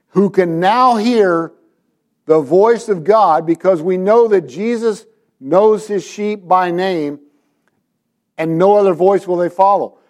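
Man, high voice, sermon, preacher, acts out scripture, asks questions, church congregation. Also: a little mellow. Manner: dramatizes scripture with quoted voices.

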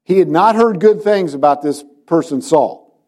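Man, high voice, sermon, preacher, acts out scripture, asks questions, church congregation. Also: moderate pace, a little mellow. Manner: dramatizes scripture with quoted voices.

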